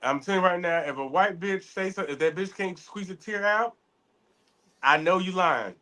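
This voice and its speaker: A man chatting casually as a podcast co-host, telling animated stories full of cursing. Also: high-pitched, moderate pace. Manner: animated storytelling, heavy cursing. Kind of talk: casual chat.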